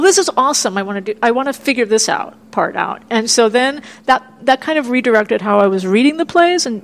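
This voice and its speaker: A woman playwright from Miami, chatting in an interview and acting out her own past reactions as she tells stories. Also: a little high. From Miami, United States. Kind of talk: casual interview chat. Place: indoor room in Chicago.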